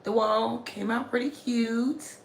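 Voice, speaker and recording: A hoarse woman chatting casually with viewers on a home live stream from a small room, greeting them in many languages. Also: fairly high pitch, fairly even intonation, slow, slight background noise. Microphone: phone camera. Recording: roomy home recording.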